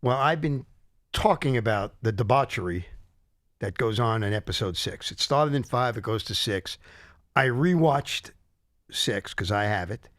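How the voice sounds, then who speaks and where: A man's voice: mid-range voice, lively intonation, a little slow, fairly bright tone, dry recording. Dry-sounding male talk show host. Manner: conversational, steering topics. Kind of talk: casual talk show chat.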